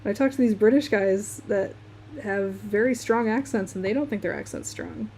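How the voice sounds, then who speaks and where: Talking while she works on a drawing for her live stream, this young woman from Michigan laughs often and keeps up a casual chat in a Midwestern accent. She speaks at a moderate pace in a mid-range, darkish voice, with a little hiss or hum on the recording.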